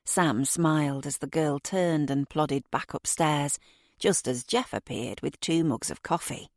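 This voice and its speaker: A woman narrating a mystery audiobook in a steady, even way. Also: low-pitched, a little slow, dry recording, clean studio sound.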